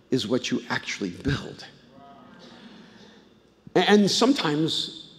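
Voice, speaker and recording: Guy preaching a sermon, animated storyteller, goes quiet then loud, big echoey church. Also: mid-range voice. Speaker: pastor. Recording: live church hall reverb.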